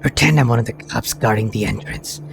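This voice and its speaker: A man voicing a gruff, cigar-smoking male Nosferatu vampire with a deep, gravelly voice in a played-through game. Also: brisk, background noise.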